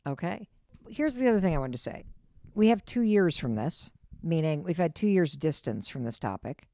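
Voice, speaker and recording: A woman's voice: deep voice, animated, moderate pace, dark tone, no echo, studio quality. A middle-aged woman hosting a podcast, talking in an earnest, reassuring and emphatic way. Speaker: podcast host. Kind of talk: casual podcast conversation.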